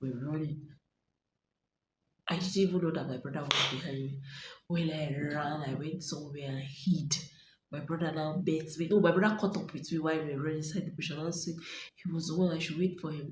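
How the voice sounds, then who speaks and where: Low-voiced Nigerian woman telling a story. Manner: dramatic retelling, acting out voices and whispering. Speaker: vlogger. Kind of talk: storytelling to camera. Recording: echoey room, faint ambient noise.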